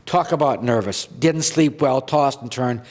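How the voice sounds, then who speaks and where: A man's voice: medium pitch, a little slow, darkish tone. A man from Canada, a former goaltender, telling his story earnestly and with feeling. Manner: earnest, heartfelt, reads a list of names aloud. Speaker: podcast guest, former goaltender. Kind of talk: emotional storytelling. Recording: long hall reverb.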